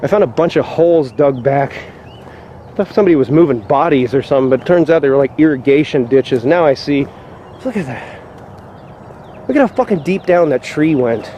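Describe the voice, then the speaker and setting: A man with a somewhat high but mellow voice, swearing his way through an exasperated rant. He talks to a handheld camera as he walks a rural trail. Faint outdoor ambience sits behind him. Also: lively intonation, a little fast, slight background noise. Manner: profane, exasperated ranting. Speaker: vlogger. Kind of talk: walk-and-talk vlog rant.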